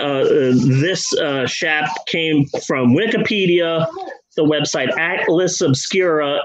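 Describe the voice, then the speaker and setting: A man's voice: sits high, low-quality recording. A man hosting a podcast, telling a history story in a rambling, sarcastic, casual way with the odd swear. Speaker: podcast host.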